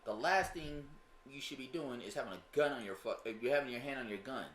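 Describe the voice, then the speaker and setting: A man with a Southern US lilt tells stories at a rapid clip, his voice bright and slightly high. He swears freely and keeps the energy up as a podcast co-host. The room sounds roomy, with faint ambience behind him. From Denver, USA. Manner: profane, animated storyteller. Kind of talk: casual podcast chat.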